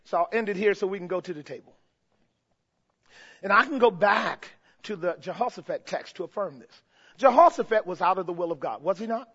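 A pastor preaching a sermon, calling out to the congregation and swinging between shouted peaks and hushed passages. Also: male voice, high-pitched, expressive, brisk, breathy edge, muffled recording.

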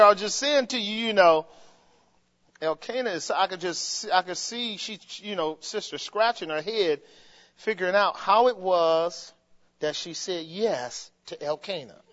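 High-voiced preacher in an echoing hall. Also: male voice. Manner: animated preaching, laughs and mimics voices. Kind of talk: sermon. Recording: muffled long reverb in a hall.

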